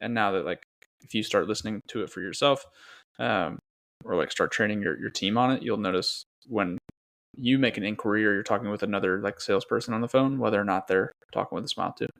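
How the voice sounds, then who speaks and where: Male podcast co-host, lowish voice, relaxed and thinking aloud. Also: fast talker, gravelly. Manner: easygoing, thinks aloud with restarts. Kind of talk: casual podcast chat.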